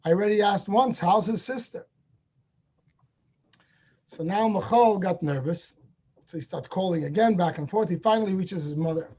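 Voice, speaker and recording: A man telling a story at a Hasidic gathering in an animated way, acting out the dialogue as he goes, heard over a video call. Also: high-pitched, moderate pace, long pauses, slightly rough, highs cut off. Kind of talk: storytelling talk.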